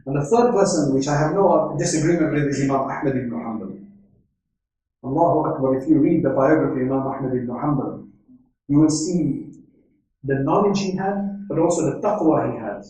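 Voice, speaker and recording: A man's voice: a little high, normal speed, dark tone. A man giving an Islamic religious lecture, telling stories and quoting Arabic, often checking in with "right?". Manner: storytelling with Arabic quotations and frequent "right?". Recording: echoey hall, speaker far from mic.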